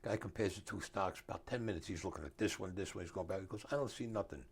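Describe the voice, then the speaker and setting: An older man, an author appearing as a guest, tells streetwise stories in a casual interview, acting out the dialogue and dropping grammar. His voice sits low and sounds husky, and he talks fast.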